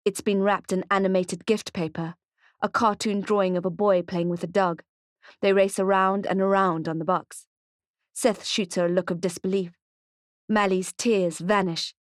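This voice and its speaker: A woman narrating a thriller audiobook in a measured, steady way, recorded on a close microphone in a studio. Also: medium pitch, no echo. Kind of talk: scripted narration.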